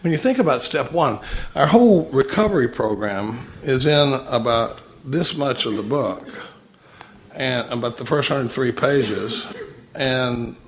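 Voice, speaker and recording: Folksy man speaking to a recovery meeting. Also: mid-range voice. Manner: folksy, repeats words and restarts sentences. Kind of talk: conversational talk to a group.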